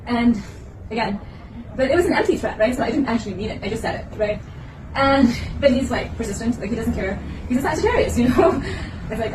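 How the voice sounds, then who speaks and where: A woman chats in a loose, rambling way, breaking into laughter as she acts out quotes. Her voice is fairly high and sounds far from the mic. The room is echoey, with steady noise behind her. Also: brisk. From South Asian family. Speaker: podcast host. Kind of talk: casual rambling monologue. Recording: roomy, distant, noisy.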